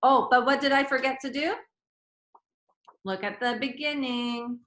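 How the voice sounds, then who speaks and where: A woman's voice: high-pitched, a little slow. A woman teacher giving a grammar lesson to children, acting out sentences in different tones of voice. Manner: expressive, acts out sentences in varied tones. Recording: echoey room.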